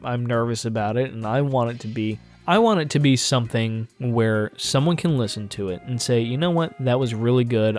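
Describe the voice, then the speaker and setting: A man talks at an ordinary middle pitch in a loose, self-critical vlog monologue, trailing into fillers and restarts as he goes. Faint guitar music plays softly behind him. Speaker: channel host.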